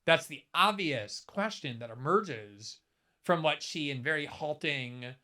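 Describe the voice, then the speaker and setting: A man's voice: a little high, animated, unhurried, sharp tone. A man in his fifties delivering a commentary monologue, emphatic and building his case through pointed rhetorical questions. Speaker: political commentator.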